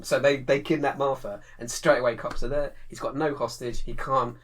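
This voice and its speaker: A man co-hosting a casual podcast. He talks in a lively, animated way, laughs easily and slips into playful voices. His voice sits at an ordinary middle pitch. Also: moderate pace, hardly any pauses. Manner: animated, laughs often, acts out lines. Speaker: podcast co-host. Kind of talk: casual chat.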